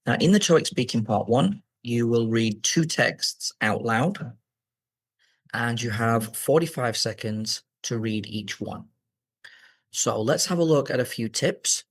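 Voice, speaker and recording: A man with a slightly husky voice gives a clear, instructive lesson on reading aloud for an English exam. He speaks at a middle pitch into a close mic in a dry room. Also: expressive, slow pace, dry recording, low-quality recording. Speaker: English teacher.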